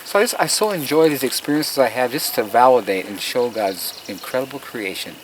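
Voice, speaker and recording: A man's voice: mid-range voice, animated, brisk, rough recording. A man giving an outdoor tour of his garden, telling stories in an earnest, emphatic way with preacher-like asides. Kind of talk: casual storytelling while giving a tour. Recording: outdoor noise on a field recording.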